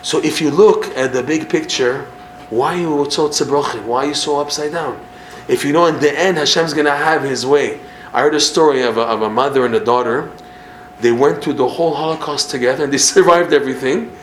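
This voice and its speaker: A man gives a Torah class in a lively, teacherly way. He restarts phrases and acts out little examples. His voice sits in a roomy space with a faint hum of ambience behind it. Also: a little high, brisk. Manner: animated, acts out examples, repeats himself.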